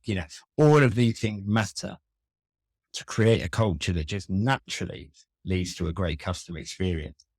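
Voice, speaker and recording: Man, low voice, podcast guest, wry storyteller, self-mocking, dry close sound. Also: dry recording. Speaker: customer experience expert, podcast guest. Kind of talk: casual interview conversation.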